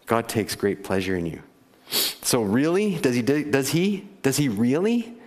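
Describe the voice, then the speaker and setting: A man's voice: medium pitch, very animated, unhurried, darkish tone. A man preaching a conversational sermon to his congregation, often laughing and asking them questions. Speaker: pastor. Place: church sanctuary. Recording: church hall with long reverb.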